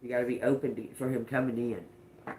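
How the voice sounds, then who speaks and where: A woman's voice: extremely low pitch, fairly even intonation, fast talker, darkish tone, slight background noise. Lady doing a live tarot reading, cussing a lot, laughing, real blunt and folksy. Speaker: tarot reader.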